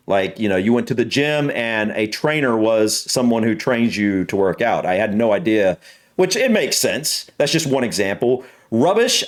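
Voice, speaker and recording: An American man hosting a casual reaction video, thinking aloud and repeating words to try them out. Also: mid-range voice. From United States. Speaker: reaction channel host.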